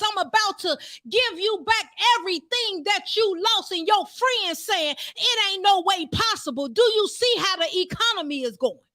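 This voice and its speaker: A woman preaching an impassioned sermon, fervent and rising to shouts. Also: very high voice, dry recording, studio quality.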